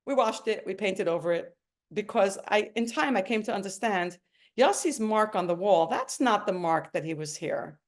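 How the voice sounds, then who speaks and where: A woman's voice: mid-range voice, expressive, moderate pace. A middle-aged woman, telling her personal story in an earnest, emotional way. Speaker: speaker sharing a personal story. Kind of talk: personal testimony talk. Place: home.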